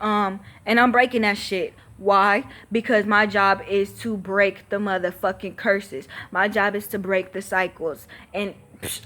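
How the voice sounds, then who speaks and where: Teen girl vlogger, unloading her grievances on camera, slow deliberate delivery, somewhat high voice, cursing emphatically. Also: fairly bright tone. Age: teens. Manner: profane, emphatic, exasperated. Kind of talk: venting to camera.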